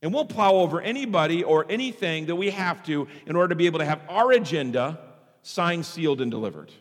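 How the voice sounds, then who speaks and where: A man preaching a sermon in an animated way, sometimes acting out the voices of the people he quotes. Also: fairly high pitch, quick pace. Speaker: pastor. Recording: long hall reverb.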